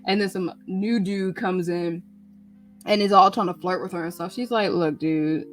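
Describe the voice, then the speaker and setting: A woman hosting a live radio stream, chatting casually and animatedly, sometimes jumping into quick acted lines. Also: medium pitch, soft background music. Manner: animated, acts out characters' lines in quick bursts. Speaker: radio show host. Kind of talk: casual chat recapping manga.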